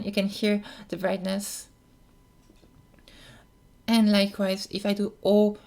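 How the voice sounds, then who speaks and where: A young adult giving a casual voice-training tutorial in a feminine voice, soft-spoken and hesitant, full of restarts and fillers. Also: medium pitch, level tone, unhurried, creaky.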